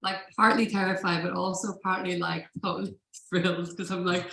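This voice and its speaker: A woman's voice: fairly low pitch, little pitch movement, moderate pace, gravelly, fairly bright tone, a little hiss or hum. A woman telling a personal story at a live event, in a casual, profane manner with frequent laughs. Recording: roomy live room echo.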